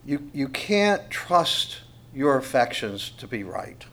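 A man's voice: medium pitch, big pitch swings, slow, a bit bright. A middle-aged man teaching a Bible passage verse by verse, talking conversationally, asking rhetorical questions and leaning hard on key words. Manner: conversational, asks rhetorical questions, dynamic emphasis.

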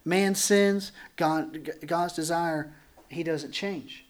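A man's voice: fairly high pitch, slow. A pastor stands before his congregation in a church and teaches through scripture in an easy, conversational way. He is a man with a slightly raised voice, and he drops into little acted-out voices, then trades jokes with the listeners. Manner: animated, acts out dialogue, jokes with the congregation.

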